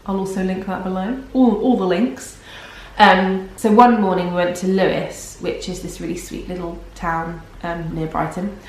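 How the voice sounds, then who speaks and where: A woman's voice: lowish voice, steady tone, normal speed, few pauses. A young pregnant woman vlogging casually, rambling and self-deprecating, tired. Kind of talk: casual vlog chat. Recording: very echoey room.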